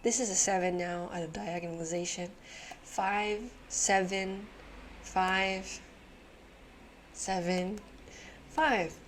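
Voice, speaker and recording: A woman's voice: mid-range voice, level tone, takes it slowly, long pauses, a little hiss or hum. A woman hosting a puzzle channel, thinking aloud as she solves, muttering to herself, swearing and laughing often.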